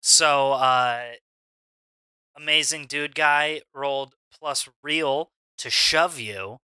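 A man narrating a tabletop wrestling game as game master, in an unhurried way with lots of ums and uhs. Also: on the high side, sharp tone, smooth, no echo.

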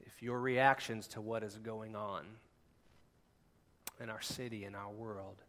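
A man preaching a sermon as pastor, impassioned and conversational, swinging from hushed lines to near-shouts. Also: lowish voice, steady tone, a little slow. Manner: conversational, with asides and laughs.

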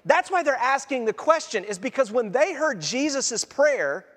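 High-voiced male pastor preaching in a hall. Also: normal speed. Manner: animated, conversational preaching with acted-out quotes. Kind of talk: sermon. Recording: long hall reverb.

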